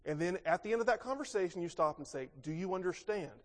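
A man with a high-pitched voice delivers a sermon, posing rhetorical questions and swinging from emphatic to hushed. His voice carries a long reverb, as if from a large hall. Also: quick pace, slight background noise. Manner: expressive, rhetorical questions, swings between loud and soft. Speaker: pastor.

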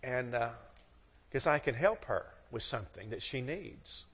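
A man's voice: mid-range voice, animated, unhurried, fairly bright tone, a little hiss or hum. A middle-aged man preaching a sermon on marriage in a folksy, storytelling way, acting out both sides of the dialogues. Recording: long hall reverb.

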